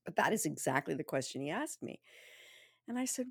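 Woman podcast co-host, low voice, dry close sound, lively and reactive. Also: a little fast, vocal fry, breathy edge, no echo. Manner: animated reactions, frequent "wow", laughs. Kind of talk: casual chat.

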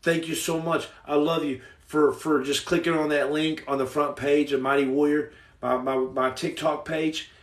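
A man's voice: a little high, flat delivery, moderate pace, reverberant, far from the mic. Boisterous slangy man livestreaming. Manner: boisterous, jokey, slangy, swings to soft earnest. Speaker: livestream host. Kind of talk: casual livestream chat reading comments.

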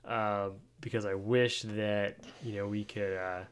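A man's voice: lowish voice, steady tone, a little slow, smooth. A young man hosting a podcast in a casual, rambling way, often repeating his words. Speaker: podcast host. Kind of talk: casual chat.

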